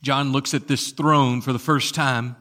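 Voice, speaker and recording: A man preaching a sermon and reading scripture aloud, building to loud emphatic peaks and then dropping low. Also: fairly even intonation, measured pace. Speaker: pastor.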